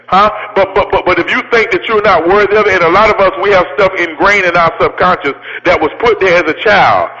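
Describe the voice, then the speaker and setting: A man's voice: sits high, bright, forceful tone. A man giving a fiery motivational speech with a preacher-like cadence, repeating his lines and calling out to the crowd. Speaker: motivational speaker. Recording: long hall reverb.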